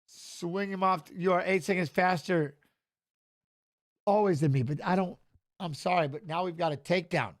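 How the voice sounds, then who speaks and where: A middle-aged man hosting a live fight watch-along, excitable and shouting at the fighters while chatting with viewers. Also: high voice. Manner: excitable, talks fast over the action, shouts at fighters. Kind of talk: live fight commentary and chat.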